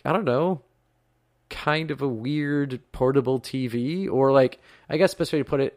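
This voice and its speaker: A man's voice: mid-range voice, dry recording, studio quality. A man in his thirties from the United States, hosting a podcast in a chatty, rambling way with lots of fillers. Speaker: podcast host. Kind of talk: casual podcast talk.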